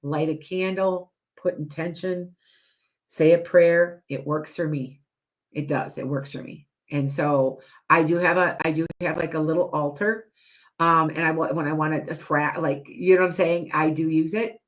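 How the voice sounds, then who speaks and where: A woman's voice: low voice, fairly even intonation, moderate pace. A woman hosting a live stream as a psychic and hypnotist, chatting to viewers in a rambling way with lots of restarts and asides.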